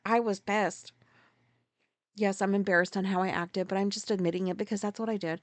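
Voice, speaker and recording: A woman in her forties tells a story on her solo podcast at a rambling pace and swears freely. She talks close to the mic in a very dry, dead-sounding room, and her voice sits in a middle range. When she reenacts her own rants, she gets loud. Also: mid-range voice, steady tone, fairly quick, no echo. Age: 40s. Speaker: podcast host.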